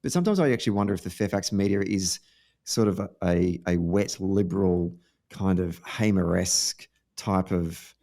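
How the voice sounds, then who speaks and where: A man with an Australian accent hosting a political podcast, talking in halting phrases. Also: low-pitched, dark tone. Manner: hesitant, full of fillers. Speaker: podcast host. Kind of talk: casual political chat.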